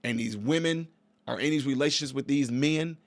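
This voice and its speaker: A man's voice: medium pitch, a little fast, no room sound. A man in his forties giving opinionated reaction commentary on a video clip, emphatic and preachy, repeating himself.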